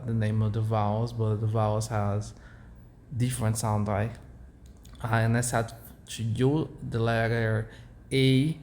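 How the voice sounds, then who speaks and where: A Portuguese-speaking man with a Brazilian accent, informally explaining his language's vowels to a learner in halting English with many fillers. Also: fairly low pitch, a little mellow, a little hiss or hum. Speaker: language tutor.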